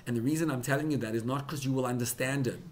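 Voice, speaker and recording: Impassioned young rabbi, swings loud and soft. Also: male voice, mid-range voice, rapid-fire. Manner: emotional, building to loud emphatic peaks; mixes in Hebrew and Yiddish terms. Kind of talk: sermon at a farbrengen gathering.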